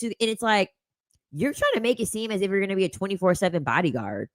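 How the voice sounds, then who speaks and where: A woman's voice: mid-range voice, fast talker, dry recording. Sassy, blunt woman. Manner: sassy, blunt, animated, repeats phrases. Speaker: commentary host reading chat. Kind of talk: casual commentary chat.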